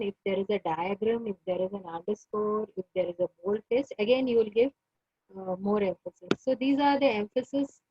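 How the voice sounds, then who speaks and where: A woman lecturer with an Indian English accent teaching an online class, repeating points and pausing on many fillers. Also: mid-range voice, breathy edge, no room sound, muffled recording. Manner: repetitive, pauses with many fillers.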